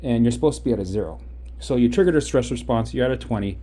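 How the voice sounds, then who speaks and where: A man coaching viewers through exposure practice in a casual vlog, acting out an anxious walk and then explaining it in an animated way. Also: mid-range voice, fast. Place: out and about, then in a car.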